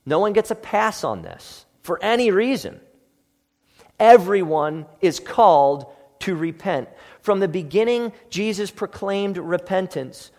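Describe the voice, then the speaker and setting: Male pastor, sermon; earnest, emphatic, higher voice, echoey hall. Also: expressive, unhurried, a little mellow.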